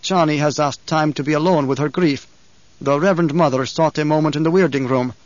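A man voicing a stern, bearded desert chieftain who speaks in a hushed, solemn way, in a dull, dry recording. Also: a little high, brisk, dry recording, close to an everyday voice.

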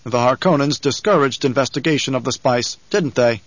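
A man's voice: medium pitch, brisk, no echo, muffled recording, close to an everyday voice. A man voicing a confident nobleman in an audiobook, firm and probing in how he talks. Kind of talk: audiobook character reading.

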